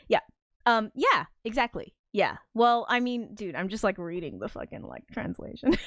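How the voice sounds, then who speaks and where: A woman's voice: fairly high pitch, lively intonation, normal speed, no room sound, studio quality. A woman hosting a casual streamed film commentary, rambling with many fillers and swearing freely. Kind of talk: casual chat.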